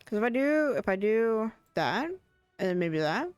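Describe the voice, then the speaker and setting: A woman streaming a game live, chatty and excitable, thinking aloud and restarting her sentences. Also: mid-range voice, normal speed, clean tone, no room sound, soft background music. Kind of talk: casual live gaming commentary.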